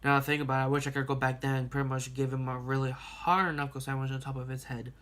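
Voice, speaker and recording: A young man telling a childhood story in a casual vlog, rambling and animated, laughing and swearing as he goes. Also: mid-range voice, fast. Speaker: vlogger.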